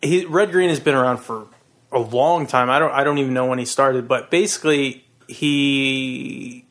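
A man's voice: mid-range voice, normal speed, fairly bright tone. A man co-hosting a podcast, chatting casually and rambling with frequent restarts. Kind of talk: casual chat.

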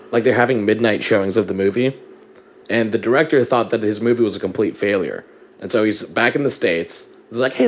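A man hosting a casual podcast, playfully running a movie-quote quiz. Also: lowish voice. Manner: playful, laughing, chatty. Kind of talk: casual chat.

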